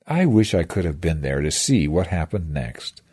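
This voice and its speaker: A man's voice: sits low, very animated, moderate pace, a little mellow, husky. A man reading a scripted devotional that retells scripture stories with reflective, dramatic storytelling. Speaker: devotional speaker.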